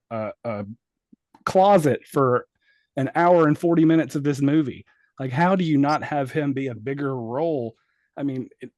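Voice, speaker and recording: A man's voice: on the high side, a little mellow, no echo. Ranting man reviewing a film, dry sound. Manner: ranting, exasperated, profane. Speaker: podcast co-host. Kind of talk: casual film review chat.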